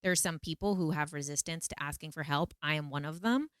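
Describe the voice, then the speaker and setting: A woman vlogger telling a personal story to camera in a casual, animated, emphatic way. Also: low voice, fast, clean tone, no room sound, clean studio sound. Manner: animated, emphatic, repeats phrases for effect.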